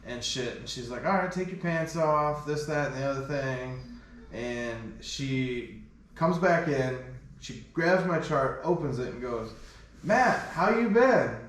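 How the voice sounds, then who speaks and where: A man's voice: mid-range voice, unhurried. A man co-hosting a podcast, telling a crude, rambling story in a laid-back, casual way. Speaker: podcast co-host. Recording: echoey room, distant mic, faint noise.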